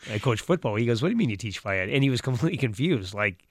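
A man who coaches high school football, talking casually as a radio co-host and telling long rambling stories. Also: very animated, no room sound, clean studio sound. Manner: rambling, quick storyteller.

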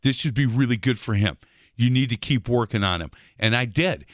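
A man's voice: expressive, a little fast, no echo, studio quality. A man co-hosting a radio show, chatting casually and acting out the people in his stories. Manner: acts out quoted voices with rising pitch. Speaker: radio co-host. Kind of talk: casual radio chat, animated storytelling.

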